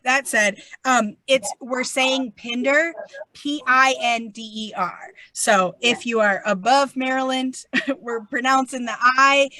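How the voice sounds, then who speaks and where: Woman, New England accent, chat-show host, animated and chatty, sharp bright tone. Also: high-pitched, slow, no echo. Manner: animated, chatty, lots of fillers. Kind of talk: casual faith chat.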